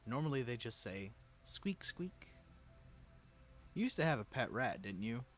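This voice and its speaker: A man's voice: medium pitch, big pitch swings, a little slow, fairly bright tone, faint music behind. Man reading a mocking, unstable young woman, sneering game villain. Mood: taunting. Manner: taunting, sneering. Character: cruel, unhinged young woman, mocking and menacing.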